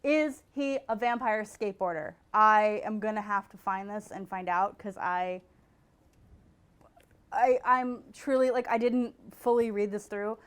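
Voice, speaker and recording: A woman hosting a podcast in casual comedic chat, animated, laughing and breaking into incredulous outbursts. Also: mid-range voice, a little slow, clean tone. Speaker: podcast host.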